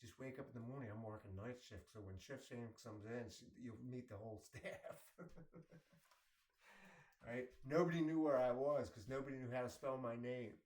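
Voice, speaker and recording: A man's voice: mid-range voice, steady tone, moderate pace, a little mellow. Rambling man telling stories in a roomy space. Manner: rambling, repeats words, laughs while talking. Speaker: storyteller. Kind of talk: casual storytelling. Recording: roomy echo.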